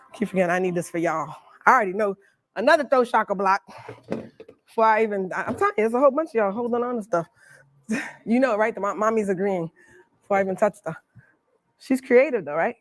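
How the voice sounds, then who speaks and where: A woman's voice: mid-range voice, brisk, pauses often. A woman from the Bronx, teaching a Reiki workshop in a playful, chatty way. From the Bronx, New York. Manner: playful, chatty, laughs often. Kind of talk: live workshop demonstration. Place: library workshop room.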